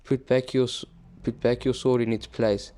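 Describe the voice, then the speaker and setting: A man reading the words of Jesus, a calm male teacher, in a steady, even reading voice. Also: mid-range voice, normal speed, natural voice.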